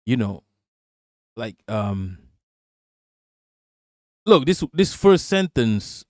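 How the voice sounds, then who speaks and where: A man's voice: medium pitch, slow, long pauses, no room sound, studio quality. A man from Southeast Asia giving a heated, profane, mocking political rant on a live stream. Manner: profane, mocking, animated ranting with laughs.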